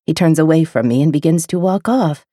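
A woman reading a first-person romance audiobook with an intimate, expressive delivery. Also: sits low, a little fast, no room sound, studio quality. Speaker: audiobook narrator.

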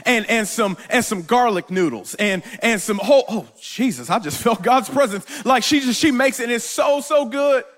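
A male pastor with a notably high-pitched voice delivers a live sermon to his congregation. He tells stories with humor and talks directly to the people in front of him. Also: expressive, moderate pace, hardly any pauses, a bit bright, faint music behind. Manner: playful, storytelling, talks straight to the congregation.

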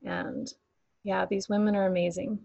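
Woman, gravelly edge, dry close recording, easygoing reflective co-host. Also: medium pitch, flat delivery, moderate pace, dark tone, dry recording, muffled recording. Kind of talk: casual chat.

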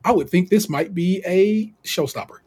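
A man co-hosts a podcast in a casual recap. His voice sits a bit high and has a husky edge. He talks in an animated, slangy way and laughs easily. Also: normal speed. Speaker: podcast co-host.

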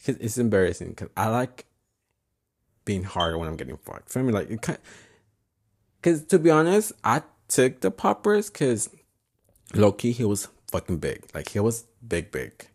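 Man, low voice, very animated pitch, frank crude casual storytelling, braces on his teeth. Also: normal speed, slightly rough. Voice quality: braces whistle in his speech. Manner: frank, crude, switches between English and Spanish. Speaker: podcast host.

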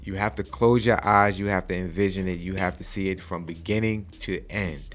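A man's voice: low-pitched, fairly even intonation, a little fast, soft background music. A man in his forties hosting a podcast, giving a preachy motivational talk and often checking in with "okay?". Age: 40s. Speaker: podcast host. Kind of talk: casual podcast chat.

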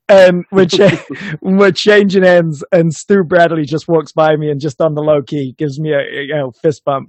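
A man's voice: a little high, a little slow, dry recording. A man co-hosting a podcast, telling a story in casual chat and laughing as he goes. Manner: animated, laughs while telling stories. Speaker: podcast co-host.

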